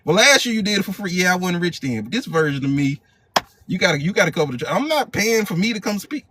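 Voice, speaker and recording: A man's voice: high voice, sing-song, fast, a bit bright, a little hiss or hum. A male hypnotherapy coach leading a live motivational training, emphatic and repetitive, in casual slang.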